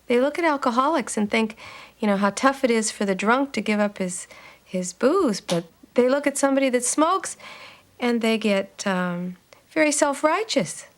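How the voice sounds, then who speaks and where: A woman's voice: on the high side, expressive, normal speed. Woman, smoker, frank, documentary interview.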